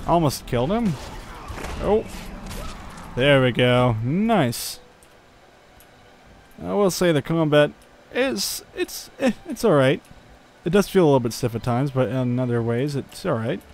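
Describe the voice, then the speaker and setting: A man's voice: fairly high pitch, expressive, unhurried, long pauses, darkish tone. Chatty man narrating his gameplay. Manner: chatty, thinking aloud with frequent fillers and chuckles. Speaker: gaming channel host. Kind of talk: casual gameplay commentary.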